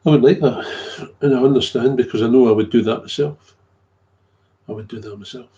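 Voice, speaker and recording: Man, warm mellow tone, casual rambling recovery talk, dull lo-fi sound. Chuckles as he goes. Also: mid-range voice, brisk. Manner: rambling, repeats himself, chuckles often. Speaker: recovering alcoholic sharing his story. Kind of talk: casual monologue. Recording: dull lo-fi recording.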